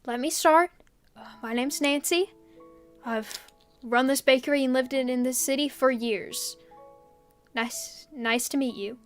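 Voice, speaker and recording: A woman's voice: high-pitched, a little slow, soft background music. A woman doing a kindly old Southern baker. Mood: soothing. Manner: gentle, soothing.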